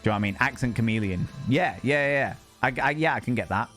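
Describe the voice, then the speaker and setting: A man's voice: medium pitch, animated, fast, fairly bright tone, soft background music. A young man with a Northern English Hull accent, chatting casually with his live chat as a streamer, joking and swearing freely. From England. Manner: swears freely, jokey, slips into other accents.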